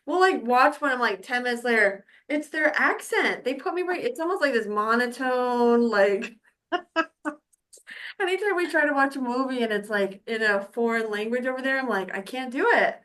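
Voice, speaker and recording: A woman's voice: a little high, expressive, normal speed, a bit bright. A woman co-hosting a podcast in casual chat, talking freely and laughing often. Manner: chatty, laughs often, trails off. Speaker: podcast co-host.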